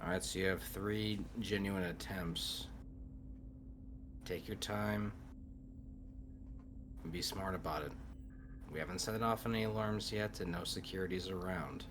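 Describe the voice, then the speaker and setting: A man taking part in a tabletop game as a player, calm and encouraging as he talks others through a tense moment. His voice is fairly low, with a faint hiss of background noise behind it. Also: measured pace, pauses often.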